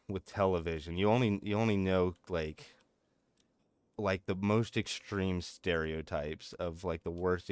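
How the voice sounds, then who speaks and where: Deep-voiced man rambling over gameplay. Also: smooth, dry recording, studio quality. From United States. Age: 30s. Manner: rambling, chatty, laughs often. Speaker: streamer. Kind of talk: casual gameplay commentary.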